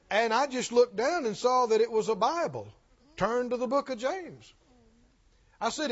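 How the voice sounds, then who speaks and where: High-voiced emphatic preacher in a reverberant hall. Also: male voice, big pitch swings, normal speed. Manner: emphatic, asks the congregation questions, repeats lines. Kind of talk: sermon. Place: church sanctuary. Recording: dull recording with long hall reverb.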